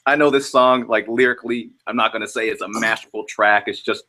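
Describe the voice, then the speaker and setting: Bright-toned Canadian man chatting. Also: lowish voice, fairly even intonation, fairly quick. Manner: chatty and enthusiastic about favorite artists. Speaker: guest reviewer. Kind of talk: casual album review discussion.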